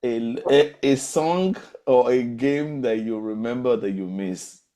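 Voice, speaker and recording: A man hosting a podcast and interviewing children, often pausing and repeating his questions in new words. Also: medium pitch, mellow. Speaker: podcast host.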